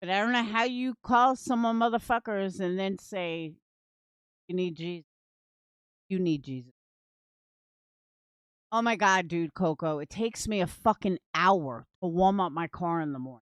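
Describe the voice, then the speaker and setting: A woman hosts a late-night commentary stream from home, blunt and sarcastic, with plenty of swearing. Her voice comes through smooth and clear, close to the mic in a dry, dead-sounding space. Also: mid-range voice, normal speed, hardly any pauses, no room sound. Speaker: true crime commentary streamer. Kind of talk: casual livestream commentary.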